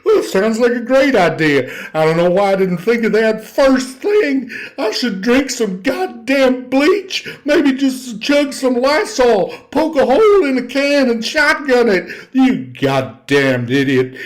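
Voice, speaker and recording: A comedian playing a furious style character, ranting and swearing with loud shouted bursts. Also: male voice, very high voice, animated, slow, hardly any pauses. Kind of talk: character stand-up rant.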